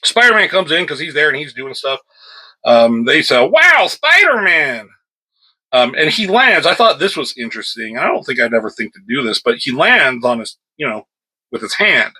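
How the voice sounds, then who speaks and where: A man's voice: mid-range voice, sing-song, fairly quick, sharp tone, breathy edge, low-quality recording. A man reviewing a comic book at home in an offhand, rambling chat, breaking off now and then to scold his cat.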